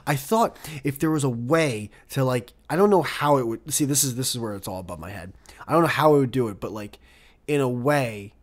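A man hosting a casual podcast chat, rambling and swearing as he pitches an idea, often laughing at himself. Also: expressive, fairly quick. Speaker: podcast host.

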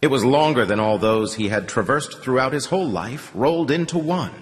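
A man narrating an audiobook with a dramatic, expressive reading. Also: mid-range voice, brisk, in a large hall. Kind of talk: scripted narration.

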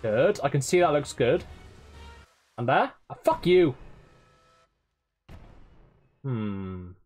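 A man's voice: mid-range voice, sing-song, takes it slowly, darkish tone, faint music behind. A man streaming a game live, swearing often, laughing and teasing his chat. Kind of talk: live gameplay commentary.

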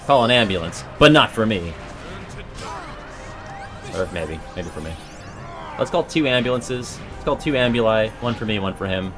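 A young man streaming a video game, joking and swearing, swinging from mumbles to yells, with faint music behind him. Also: medium pitch, animated, measured pace, pauses often. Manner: swears a lot, jokey, swings from mumbling to yelling. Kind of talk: casual game-stream commentary.

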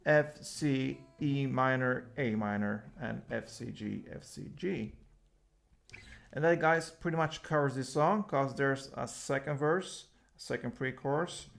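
A man teaching a guitar lesson in a casual, relaxed way, calling out chords and explaining how to pick the strings. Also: medium pitch, creaky. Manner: slow, relaxed explaining between chord names. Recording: guitar playing loudly behind the voice.

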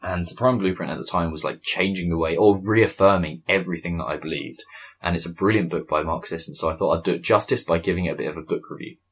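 A man with a low, husky voice hosts a solo podcast into a studio mic. He rambles casually, laughing and swearing as he goes. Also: quick pace. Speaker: podcast host.

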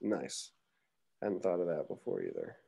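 A man's voice: low-pitched, wildly swooping pitch, moderate pace, vocal fry, warm tone, breathy edge. A young man teaching a live drawing class, chatting casually and thinking aloud as he sketches. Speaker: art teacher.

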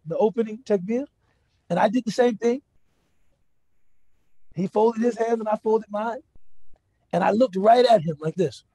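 A man's voice: sits high, a little slow, pauses often, warm tone, no room sound. A man giving a lecture, telling a personal story in a conversational way, often asking the audience "right?" and "you know". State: moved to emotion. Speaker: Islamic speaker giving a lecture.

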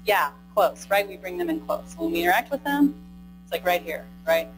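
A woman's voice: mid-range voice, very animated, moderate pace, music in the background, poor audio. A woman giving a live training lecture, speaking conversationally, tagging "right?" onto her points and asking the audience questions. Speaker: presenter. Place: conference room with a live audience.

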